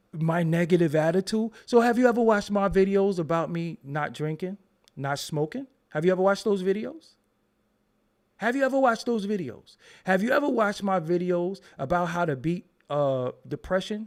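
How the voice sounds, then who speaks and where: A man's voice: a little high, vocal fry. A man hosting his own show, ranting live to his chat in a mocking, profane way and laughing often. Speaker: show host. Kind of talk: live-stream rant answering chat.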